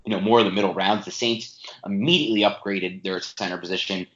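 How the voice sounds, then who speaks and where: A man's voice: fairly low pitch, steady tone, quick pace, a bit bright, roomy sound. A man co-hosting a sports podcast, ranting emphatically and with frustration in casual talk. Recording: dull lo-fi audio.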